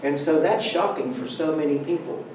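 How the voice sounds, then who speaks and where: A man's voice: on the high side, moderate pace, darkish tone, slight background noise. A man giving a Sunday talk at church, telling stories conversationally with humor. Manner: conversational, humorous storytelling with laughs. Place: church sanctuary. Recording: roomy church hall, speaker far from mic.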